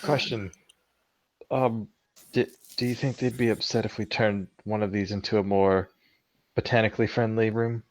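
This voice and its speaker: A man's voice: lowish voice, steady tone, moderate pace. A man playing in a tabletop game, chatting in a joking, playful way. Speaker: player. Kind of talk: casual chat at a tabletop game.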